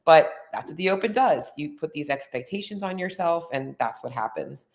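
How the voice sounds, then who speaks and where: A woman's voice: deep voice, lively intonation, moderate pace, darkish tone. Candid, chatty woman podcast host. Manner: chatty, lots of "like" and "um" fillers; openly emotional, candid. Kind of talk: casual personal monologue.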